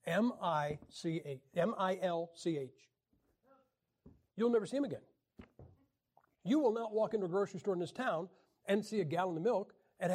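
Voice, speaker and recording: A man teaching a Bible class in a wry, joking lecture style, often clearing his throat. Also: high-pitched, a little mellow.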